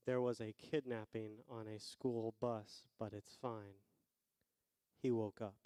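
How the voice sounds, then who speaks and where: A man's voice: lowish voice, level tone, slow pace, dark tone, clear, resonant tone, studio quality. A man co-hosting a church live stream, wry and self-mocking, reading news items with his partner. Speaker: co-host of a church livestream. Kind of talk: playful live-stream banter and mock newscast. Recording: long hall reverb.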